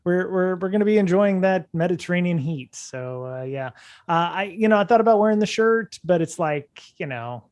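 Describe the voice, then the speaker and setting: A man's voice: sits high, expressive, moderate pace, darkish tone, no room sound. A man co-hosting a security podcast in casual chat, rambling with many fillers and restarts, speaking from a hotel room. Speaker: podcast co-host.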